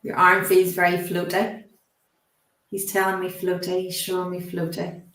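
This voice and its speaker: A woman working as a medium, talking haltingly and gently reassuring the sitter, often asking permission. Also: lowish voice, monotone. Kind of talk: live mediumship demonstration. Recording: roomy echo.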